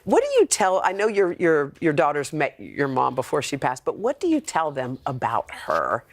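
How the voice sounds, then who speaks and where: A woman hosts a television interview, reacting eagerly and laughing often. When she wraps up, she reads the plug lines at a brisk pace. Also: low-pitched, wildly swooping pitch. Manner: warm-toned, quick laughs, reacts enthusiastically. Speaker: TV host.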